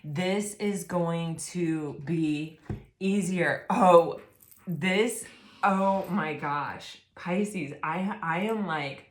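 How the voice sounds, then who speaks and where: A woman giving a casual tarot reading to her viewers, gushing and excitable, full of fillers and exclamations. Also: on the low side, extremely slow, roomy sound. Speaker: tarot reader.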